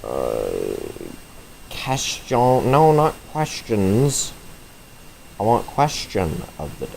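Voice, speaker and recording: A man streaming live gameplay, talking to his chat and reacting loudly to the game with frequent swearing. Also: on the low side, wildly swooping pitch, drawn-out words, vocal fry, long pauses, slight background noise.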